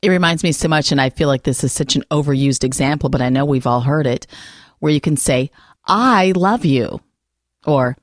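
A woman hosting a Catholic radio discussion program, talking in an expressive, earnest, emphatic way. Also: a bass voice, quick pace, dry recording, studio quality. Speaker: radio host.

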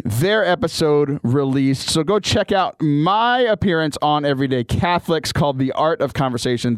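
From a studio, a podcast host and youth missionary talks about faith in a casual, earnest, upbeat way, often restarting his sentences. His voice is fairly high and clean, with no room sound.

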